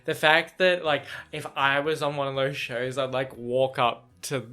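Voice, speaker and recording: A man's voice: mid-range voice, little pitch movement, a little slow, pushed and bright. A man chatting casually in a reaction vlog about a book chapter, rambling with lots of fillers, restarts and swearing.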